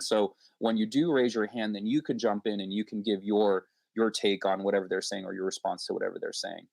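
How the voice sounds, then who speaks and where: A man's voice: fairly low pitch, steady tone, brisk, creaky, few pauses, darkish tone, no echo. A man, a podcast host, chatting on a panel and acting out past exchanges in a rambling way. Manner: rambling, acts out quoted exchanges. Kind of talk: casual panel discussion.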